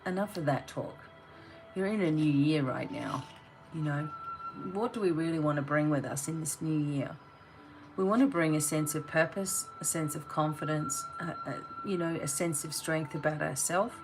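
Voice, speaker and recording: A woman's voice: sits low, normal speed, over music, rough recording. A woman giving a tarot reading, talking straight to the viewer in a blunt, motivating way. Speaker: tarot reader.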